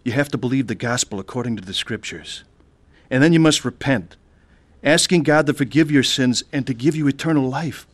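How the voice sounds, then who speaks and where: A man's voice: mid-range voice, fairly quick, no echo. A man earnestly narrating and acting out his own conversion story, pleading with his family. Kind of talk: dramatized testimony narration.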